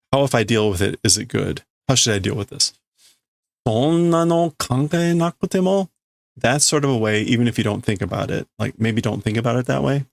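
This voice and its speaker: Male streamer, casual, unhurried and self-correcting, dry close sound, gravelly texture. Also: fairly low pitch, no room sound. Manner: hesitant, thinks aloud with restarts and self-corrections. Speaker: livestreamer. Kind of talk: casual live-stream, reading and translating a manga aloud.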